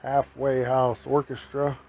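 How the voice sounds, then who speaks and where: A man's voice: medium pitch, level tone, slow, a little mellow. Folksy rambling man telling stories. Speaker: podcast host. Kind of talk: casual storytelling.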